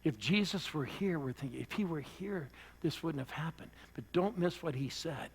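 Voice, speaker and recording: Gravelly older pastor telling a story. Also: male voice, fairly high pitch, expressive, moderate pace. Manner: storytelling, swings from loud bursts to hushed lines. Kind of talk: sermon with personal story. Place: church service before a live audience.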